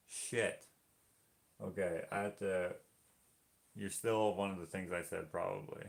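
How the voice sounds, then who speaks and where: Male streamer, low gravelly voice, playful banter. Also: fairly even intonation, a little slow, long pauses. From Canada. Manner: joking, teasing viewers. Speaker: livestream host painting. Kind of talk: casual livestream chat reading comments.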